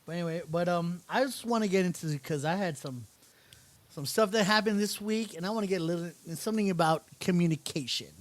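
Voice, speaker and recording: A man's voice: high voice, fast. A man co-hosting a casual podcast, telling a story with lots of laughter and quoted lines. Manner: animated storyteller, laughs often, mimics texts. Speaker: podcast co-host. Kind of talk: casual chat.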